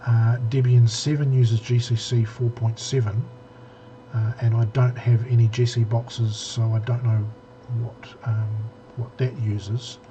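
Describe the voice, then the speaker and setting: New man co-host, mellow and relaxed, rambling tech chat, slightly dull lo-fi recording. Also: medium pitch, measured pace, faint music behind. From New Zealand. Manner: rambling, many restarts and fillers. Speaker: podcast co-host.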